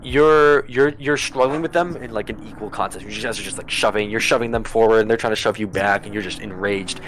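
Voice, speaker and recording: A man's voice: lowish voice, brisk, fairly bright tone, low-quality recording. Loose, casual man running a game. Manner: loose, profane, restarts often. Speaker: game master. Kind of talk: narrating a tabletop game.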